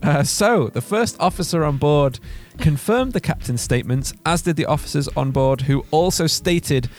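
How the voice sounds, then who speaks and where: A man's voice: on the high side, expressive, normal speed, soft background music. A man hosting a podcast, telling a story in casual chat, laughing often and restarting words. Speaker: podcast host.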